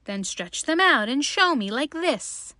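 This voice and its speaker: A woman's voice: high voice, sing-song, measured pace, pushed and bright, dry recording, studio quality, pitched above the performer's own voice, full character voice. A woman playing a teasing wild rabbit. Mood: mocking. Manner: teasing, boastful. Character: bouncy, teasing young male wild rabbit.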